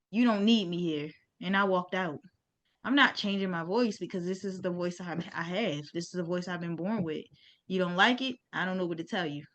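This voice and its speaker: A woman's voice: medium pitch, fairly bright tone. A woman presenting opinionated commentary over slides, blunt and emphatic, with casual slang.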